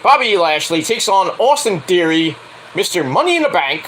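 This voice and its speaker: A man's voice: high-pitched, big pitch swings, normal speed, a bit bright, a little hiss or hum, low-quality recording. A man casually recapping a wrestling event in a blunt, profane way, now and then acting out quotes in mocking voices. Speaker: wrestling show reviewer.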